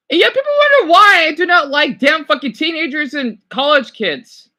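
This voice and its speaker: High, lively, exasperated middle-aged streamer. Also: male voice, normal speed. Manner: heated, exasperated ranting. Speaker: livestream host. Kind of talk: livestream reaction commentary.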